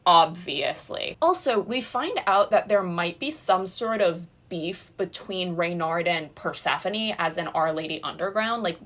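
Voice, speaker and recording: A woman's voice: on the low side, expressive, a little slow, hardly any pauses, a bit bright. A young woman recapping a TV season in a casual, sarcastic, rambling way, full of "like" and "girl". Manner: chatty and sarcastic, heavy use of "like" and "girl". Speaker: recap video host.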